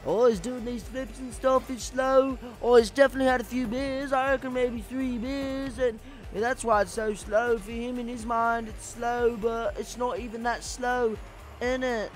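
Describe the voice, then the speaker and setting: Man, high-pitched, swearing, rambling co-host chatter. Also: little pitch movement, moderate pace, faint music behind. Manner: rambling, sweary, mock-scolding banter. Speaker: podcast co-host. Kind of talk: casual gaming stream chat.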